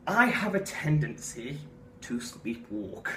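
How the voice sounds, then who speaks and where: A man's voice: medium pitch, slow, slight background noise. Young man telling a story in an echoey room. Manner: animated, profane, self-mocking. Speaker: vlogger. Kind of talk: comic storytelling monologue. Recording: echoey room, far from mic, faint ambience.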